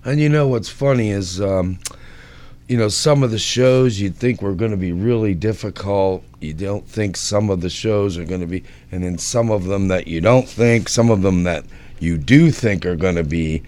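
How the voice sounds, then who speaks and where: A man's voice: deep voice, moderate pace. A man telling wry backstage stories from the events he organized in a casual chat. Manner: animated, wry storyteller. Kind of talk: anecdotal storytelling.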